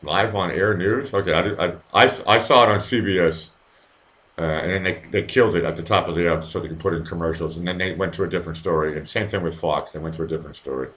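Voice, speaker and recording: A man's voice: sits low, fairly even intonation, quick pace, a bit bright. A middle-aged man hosting a live stream, chatting loosely to viewers, stammering, repeating words and swearing casually. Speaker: live show host.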